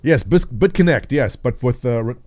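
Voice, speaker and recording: A man's voice: mid-range voice, expressive, moderate pace, a little mellow, dry recording. A man in his thirties, host of a livestream, chatting casually and jokingly, answering viewers by name. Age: 30s. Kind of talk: casual chat with live chat readers.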